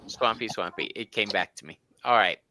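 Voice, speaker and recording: Chatty, giggly man with a bright voice. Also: on the low side, fairly quick, a little hiss or hum. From United States. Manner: chatty and giggly, laughs often. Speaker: tarot reader host. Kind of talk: casual chat during a tarot reading.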